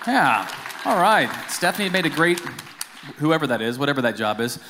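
A man's voice: a little high, sing-song, moderate pace, noisy background. A man, a church accountant, giving a casual, self-deprecating lay sermon full of fillers and asides. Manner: informal and self-deprecating, with many fillers and restarts. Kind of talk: lay sermon with jokes and stories. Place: church sanctuary. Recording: long reverb of a church hall.

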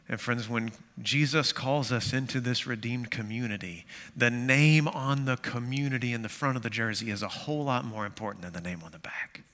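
A man's voice: medium pitch, bright, forceful tone, big-room sound. A man preaching a sermon to his church in a conversational way, with self-deprecating jokes and many fillers. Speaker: pastor.

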